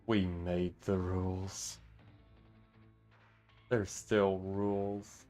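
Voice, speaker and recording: A man voicing a stern, calm older male city boss in a slow, lowered, measured voice while reading a game story aloud. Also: faint music behind. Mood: grave.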